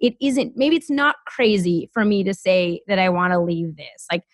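A woman in her thirties, a guest on a podcast, telling her story in a chatty, animated way with lots of fillers. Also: lowish voice, normal speed, no echo, studio quality. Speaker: guest, former lawyer. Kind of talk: casual podcast conversation.

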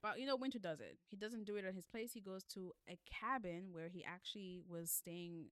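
A woman's voice: mid-range voice, brisk, fairly bright tone, clean tone, dry recording. A woman in a casual chat recapping a novel with her co-host, laughing often and acting out the characters' lines. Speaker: book club podcast co-host.

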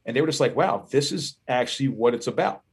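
A musician with a Philadelphia accent guests on a podcast, telling profane, animated stories in casual conversation. His voice is medium-pitched and slightly rough, and he talks fast.

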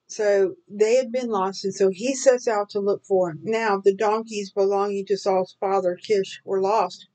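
A woman's voice: mid-range voice, darkish tone, low-quality recording. A middle-aged woman teaching from the Bible in a sermon style, earnest and full of searching questions.

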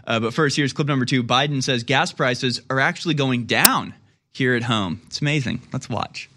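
A man's voice: medium pitch, normal speed, background noise. A man hosting a commentary show, talking in a sarcastic, rambling, jokey way. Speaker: host.

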